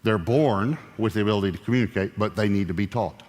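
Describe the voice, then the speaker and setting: A man preaching a sermon as a pastor, animated and joking as he tells stories. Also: on the low side, quick pace. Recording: echoey hall reverb.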